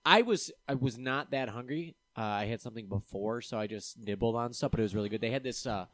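A man chatting casually, laid-back and halting, with many pauses and fillers. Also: mid-range voice, slight background noise. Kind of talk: casual chat.

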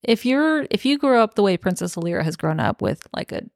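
A woman's voice: mid-range voice, very animated, a little fast, gravelly, darkish tone, no echo, studio quality. A young woman co-hosting a podcast, casually recapping a novel's plot with wry asides and the occasional swear. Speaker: podcast co-host. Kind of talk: casual book discussion.

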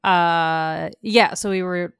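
Woman, podcast co-host, casual chat, bubbly, laughing, smooth clear voice, dry close recording. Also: lowish voice, steady tone, fairly bright tone, no room sound. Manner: bubbly, gushing, quick laughs. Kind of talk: casual pop culture chat.

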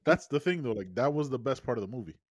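A man co-hosting a laid-back film podcast, pitched in the middle for a man. He chimes in with quick agreement and dry, deadpan jokes. His sound is close and dry. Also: dry recording. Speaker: podcast co-host. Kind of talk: casual movie review chat.

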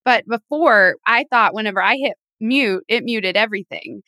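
A woman's voice: medium pitch, normal speed, bright, forceful tone, dry recording. A woman co-hosting a podcast in casual chat, telling stories and laughing often. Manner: chatty storyteller, laughs often. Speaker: podcast co-host.

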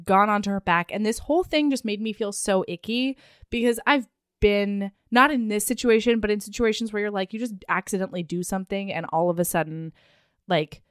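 A woman's voice: medium pitch, clear, resonant tone, no echo. Blunt, candid young woman, dry sound. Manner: candid, blunt, swears freely. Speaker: podcast co-host discussing a book. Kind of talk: casual chat.

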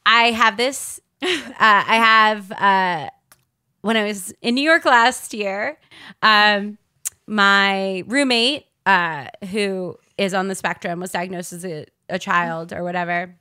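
A woman's voice: mid-range voice, takes it slowly, clean tone, no room sound, clean studio sound. A young woman comedian from Baltimore, telling a rambling story in a casual podcast chat. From Baltimore, USA. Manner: animated, rambling storyteller full of "like". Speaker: guest comedian.

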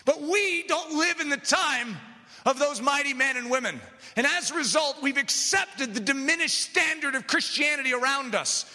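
A man preaching a sermon with passion, dropping to quiet asides and rising to shouts. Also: very high voice, moderate pace. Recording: long hall reverb.

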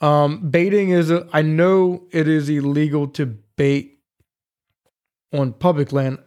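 A man telling hunting stories in casual studio chat, profane and animated. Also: on the high side, takes it slowly, clear, resonant tone. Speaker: podcast co-host.

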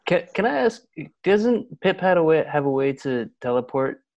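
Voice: medium pitch, big pitch swings, normal speed, a little mellow, muffled recording. Rambling player at a tabletop game. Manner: rambling, laughs mid-sentence. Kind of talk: casual tabletop game play.

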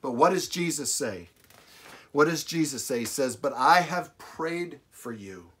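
A male pastor delivering a sermon, repeating phrases for emphasis and swinging between loud declarations and hushed lines. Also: fairly high pitch, animated, unhurried. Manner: dramatic preaching, big swings from loud to hushed.

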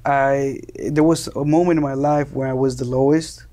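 A man's voice: medium pitch, steady tone, moderate pace, dark tone. A young man from Colombia, a guest in an interview, earnestly telling his story and often repeating and restarting words as he searches for phrasing. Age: young adult.

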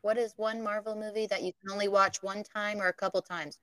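A woman's voice: medium pitch, flat delivery, quick pace, a bit bright, no echo. A woman co-hosting a casual live podcast, chatty and self-deprecating as she announces winners. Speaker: podcast co-host.

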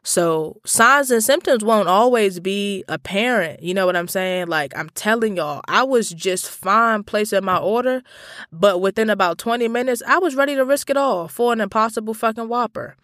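A man telling a story straight to his listeners in a casual, profane, slangy monologue that swings between animated rants and calmer reflection. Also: high voice, normal speed, no room sound, studio quality.

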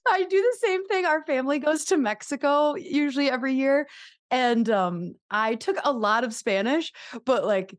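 A woman's voice: sits high, normal speed. Bubbly, chatty American woman host. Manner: bubbly, chatty, self-deprecating. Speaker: podcast host. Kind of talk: casual podcast chat and spoken prayer.

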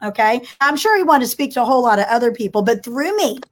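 Woman chatting away, lively, keeps restarting, bit high voice. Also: quick pace. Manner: animated, acts out dialogue, frequent restarts. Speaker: guest sharing testimony. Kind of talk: casual storytelling.

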